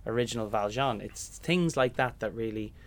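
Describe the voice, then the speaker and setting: A man's voice: lowish voice, moderate pace. A young Irish man, a musical theatre performer, telling stories in a casual interview and acting out the voices in them. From Ireland. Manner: animated, acts out voices in anecdotes.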